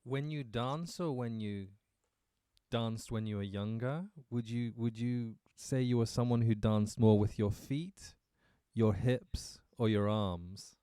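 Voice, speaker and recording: A man's voice: medium pitch, steady tone, takes it slowly, warm tone, clean tone, dry recording, studio quality. A man interviewing a guest, asking curious, plain, direct questions.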